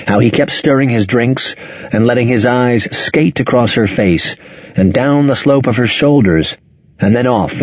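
A man narrating a novel in a measured, expressive storytelling manner. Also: mid-range voice, slightly rough, no echo, dull audio. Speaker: audiobook narrator. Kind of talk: scripted narration.

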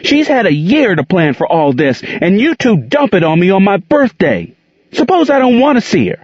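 A man voicing an anxious, upset young boy about to turn nine, his voice pushed high and strained. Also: normal speed, mellow, breathy edge. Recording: dull lo-fi recording.

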